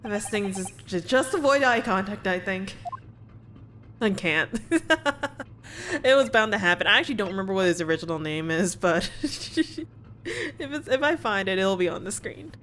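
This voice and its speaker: A woman's voice: medium pitch, expressive, moderate pace, a bit bright, a little hiss or hum. Giggly woman commenting on a game. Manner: giggly, self-deprecating asides. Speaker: let's play host.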